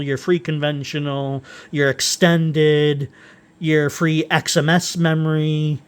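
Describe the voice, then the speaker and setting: A man walking through software tools he wrote, unscripted and halting, with frequent fillers and restarts. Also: fairly high pitch. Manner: rambling, halting, with many uhs and restarts. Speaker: software developer presenting his utilities. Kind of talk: unscripted screen-recorded software walkthrough.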